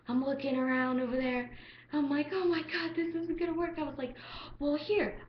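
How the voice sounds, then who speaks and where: A teenage girl with a fairly high voice tells a story in a casual vlog, chatty and full of "like." She acts out what people said with big leaps in pitch. The room sounds roomy and a bit dull, with a faint hum behind her. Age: teens. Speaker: vlogger.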